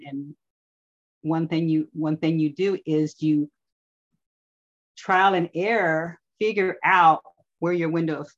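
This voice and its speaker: A woman co-hosting a casual wellness chat, who affirms her partner warmly and talks with many "you know" fillers. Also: sits low. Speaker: podcast co-host. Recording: muffled lo-fi audio.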